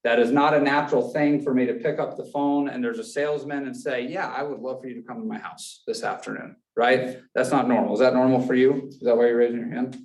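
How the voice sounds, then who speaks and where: Male class instructor, brisk and questioning, recorded from across an echoey room. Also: medium pitch, fairly even intonation, darkish tone. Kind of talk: classroom teaching. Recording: echoey room, mic far off.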